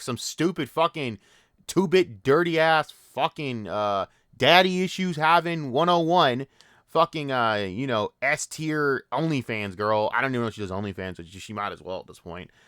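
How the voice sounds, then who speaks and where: A man's voice: fairly high pitch, a bit bright, dry recording, studio quality. A man hosting a commentary channel, ranting in a profane, mocking and exasperated way.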